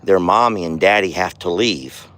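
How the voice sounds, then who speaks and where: A man's voice: deep voice, moderate pace, fairly bright tone. A man hosting a casual farm vlog outdoors, chatty and folksy, talking affectionately to his animals. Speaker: ranch owner and vlogger.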